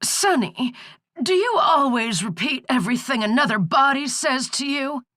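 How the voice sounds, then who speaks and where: A woman putting on a croaking old crone voice for a cantankerous, hard-of-hearing country woman on a phone prank. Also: high-pitched, expressive, moderate pace, fairly bright tone, dry recording, clean studio sound, voice pushed up. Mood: cranky. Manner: cantankerous, folksy drawl.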